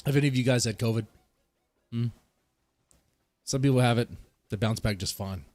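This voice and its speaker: A man with a stuffed-up nose rambles and jokes through a casual rant, winded and coughing now and then. His voice sits at an ordinary middle pitch. The sound is dry and close, with no room echo. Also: normal speed, darkish tone. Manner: rambling, joking, with coughs and sighs. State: short of breath. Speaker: vlogger host. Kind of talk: casual ranting storytime. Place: home garage studio.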